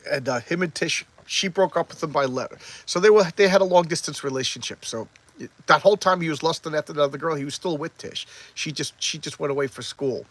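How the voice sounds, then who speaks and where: A man casually reviewing a comic book, talking quickly and excitably with many restarts as he retells the story. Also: on the high side, no echo, rough recording.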